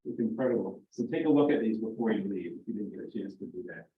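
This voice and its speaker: Host guy urging folks to look around, lowish voice, sounds tinny and roomy. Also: quick pace, slight background noise. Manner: casual, encouraging. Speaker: museum event host. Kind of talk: addressing an audience. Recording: tinny, echoey room.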